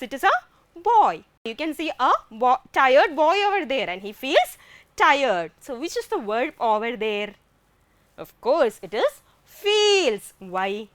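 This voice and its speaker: A woman's voice: fairly high pitch, a bit bright, dry recording. A woman with an Indian English accent teaching a grammar lesson, asking questions and answering them herself.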